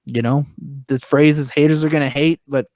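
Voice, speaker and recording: A man, a professional wrestler, talking candidly as a podcast guest, swearing freely and ranting with rising pitch. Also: steady tone, normal speed, a little mellow, dry recording, studio quality. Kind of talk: casual podcast interview. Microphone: remote call mic.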